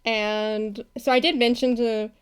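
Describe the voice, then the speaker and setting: A woman's voice: a little high, little pitch movement, measured pace, smooth. A woman chatting casually on a live stream while she animates, rambling and laughing often. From not from Texas. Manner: rambling, giggly, laughs often, many restarts. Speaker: animator streaming her work.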